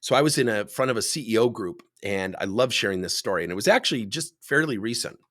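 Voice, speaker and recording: A man's voice: fairly low pitch, fast. A man who coaches leaders, talking about coaching and telling workplace stories that he acts out as he goes. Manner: animated storyteller who acts out dialogue. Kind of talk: speaking to camera about coaching.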